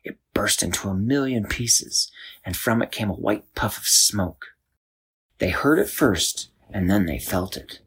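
A man narrating an improvised bedtime story in a loose, animated way, with restarts. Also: on the low side, a little slow, breathy edge.

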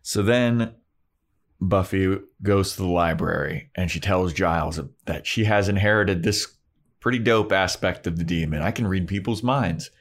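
A man's voice: low-pitched, a little slow. A man co-hosting a podcast, recapping a TV episode in loose, profane casual chat and acting out the dialogue. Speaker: podcast co-host.

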